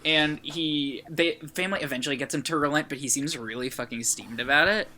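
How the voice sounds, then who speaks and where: A man's voice: a little high, brisk, sharp tone, slight background noise. A man guesting on a podcast, recapping a movie in casual chat with lots of fillers and the odd swear. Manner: rambling plot recap full of fillers and swearing.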